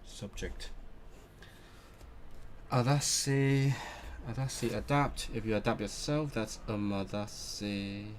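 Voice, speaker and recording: Man, low voice, very slow and unhurried; a language learner muttering through word drills on a casual study stream. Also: a little hiss or hum. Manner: repeats words slowly, muttering to himself as he drills vocabulary; self-talk with restarts, low-key. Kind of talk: study stream, thinking aloud.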